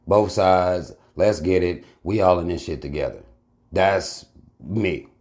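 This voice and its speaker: A man with a very low, deep voice hosts his own channel. He talks bluntly and emphatically, swearing freely in loose, casual commentary. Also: slow pace, a little mellow. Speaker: channel host reacting to a video.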